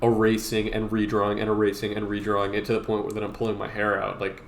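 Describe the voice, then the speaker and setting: A man's voice: lowish voice, monotone, fast talker, reverberant, a loud crowd. A man chatting casually on a stream while he draws, rambling with lots of fillers and restarts. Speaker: streamer artist. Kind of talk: casual chat while drawing.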